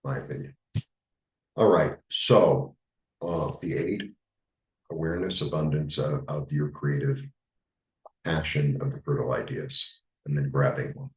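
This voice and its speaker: A man with a New York accent giving a rambling, halting tarot reading, full of fillers. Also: a bass voice, steady tone, echoey room, recorded from a distance, poor audio. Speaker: tarot reader. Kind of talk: casual spiritual monologue.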